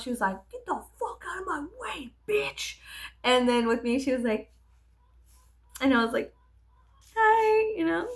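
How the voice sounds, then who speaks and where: A woman with a gravelly, fry-laden voice talks through memories while getting ready. She rambles and restarts often and fills gaps with "um" and "like." Her voice sits at an ordinary pitch for a woman. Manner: rambling, halting, lots of fillers. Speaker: vlogger. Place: at home with animals nearby.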